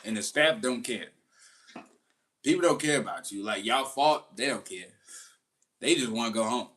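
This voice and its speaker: A man's voice: mid-range voice, moderate pace. A man talking casually and animatedly, telling stories in a commentary monologue. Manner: slangy, animated storytelling with laughs. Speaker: commentary host.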